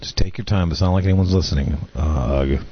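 A man co-hosting a comedy sketch show, making quick offhand remarks. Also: deep voice. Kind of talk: casual sketch banter. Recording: dull lo-fi recording.

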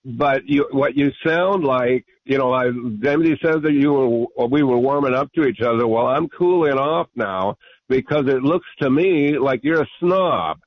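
A man's voice: mid-range voice, moderate pace, no room sound. A man calling in to a radio talk show, arguing insistently and repeating himself. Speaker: radio caller. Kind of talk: call-in radio debate. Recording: muffled radio broadcast.

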